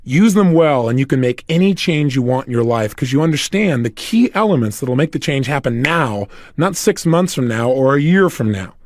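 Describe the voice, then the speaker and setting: A man's voice: medium pitch, normal speed, hardly any pauses, no echo. A man giving a motivational talk as an audio program, telling a story and acting out the people in it. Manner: animated storytelling, acts out quoted people. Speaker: motivational speaker.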